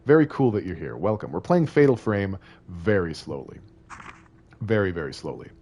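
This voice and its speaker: A man's voice: sits low, sing-song, moderate pace, darkish tone. A man streaming a game, chatting playfully with viewers, rambling between lines of game text he reads aloud. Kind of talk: casual live-stream chat while playing.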